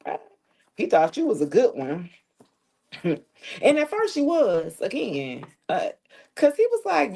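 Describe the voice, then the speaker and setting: A woman's voice: on the high side, very animated, slow, dark tone, breathy edge. A woman reading tarot on a live stream, chatting casually and joking with slang and profanity, often laughing as she talks.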